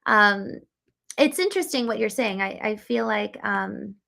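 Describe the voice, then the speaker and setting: A woman's voice: mid-range voice, measured pace, gravelly, pushed and bright. A woman hosting a casual livestream, talking earnestly and reflectively and reading out chat comments, with frequent ums and likes. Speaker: livestream host.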